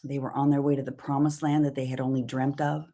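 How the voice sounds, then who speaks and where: A woman's voice: extremely low pitch, flat delivery, quick pace, mellow. A middle-aged woman from Southern California co-hosting a livestreamed devotional talk, telling personal stories in a reflective way. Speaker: co-host.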